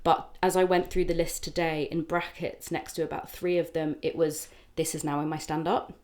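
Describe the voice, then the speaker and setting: A woman comedian talking as a guest in a quick, animated, chatty podcast conversation. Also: low voice. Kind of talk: casual podcast chat.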